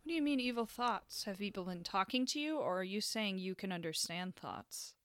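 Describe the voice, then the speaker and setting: A woman's voice: medium pitch, lively intonation, a little fast, fairly bright tone, clean tone, no room sound. A woman playing a tabletop game, chatting playfully and describing her character. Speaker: player.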